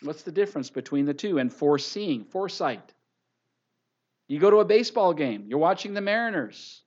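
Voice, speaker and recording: A male pastor preaching with emphasis and repeating each scripture reference for his listeners. His voice sits fairly high, and the sound is dull and lo-fi. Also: lively intonation, normal speed, darkish tone. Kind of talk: sermon.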